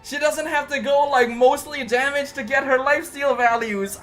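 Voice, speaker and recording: A game streamer reviewing patch notes live, chatty and excitable, breaking into loud exclamations. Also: sits high, moderate pace, hardly any pauses, soft background music.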